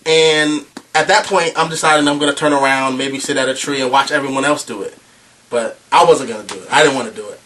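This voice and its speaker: A young man giving a youth club talk, telling a story in an animated, chatty way with lots of fillers. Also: medium pitch, fast talker, slight background noise. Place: club meeting room with a group of youth. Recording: voice from a distance.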